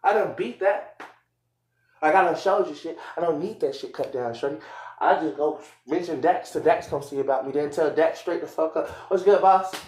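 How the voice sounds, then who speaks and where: A young man arguing angrily and profanely with his partner on a live stream, repeating himself and shouting. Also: on the high side, normal speed. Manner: angry, profane, repetitive shouting. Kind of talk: heated argument on a live stream. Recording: echoey room.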